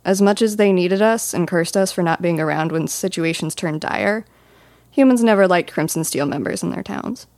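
Low-voiced woman narrating a fantasy audiobook. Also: normal speed, a little mellow, no room sound.

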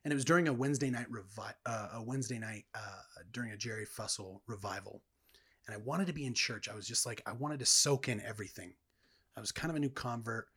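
A man's voice: mid-range voice, quick pace, a bit bright, breathy edge. A man earnestly telling his personal testimony as a guest in a conversation. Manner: earnest, reflective storytelling.

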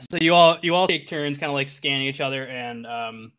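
Man, game master, bright voice, rambling casual narration, lots of fillers. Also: mid-range voice, brisk.

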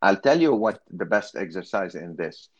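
A man's voice: deep voice, lively intonation, normal speed, slightly rough, highs cut off. A man, a kidney cancer specialist, talking through an expert panel discussion with many fillers and restarts.

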